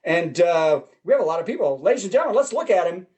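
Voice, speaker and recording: A man's voice: sits high, sing-song, fast, a little mellow. A man hosting a virtual comedy show over a video call, joking and laughing as he introduces the acts. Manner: jokey, laughing between lines. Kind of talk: casual emcee patter.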